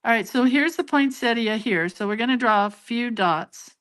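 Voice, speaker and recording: A woman's voice: fairly high pitch, moderate pace, fairly bright tone, clean tone. An older woman hosting a casual live drawing lesson, chatting and laughing at her own mistakes as she goes. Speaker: hand-lettering and doodling teacher.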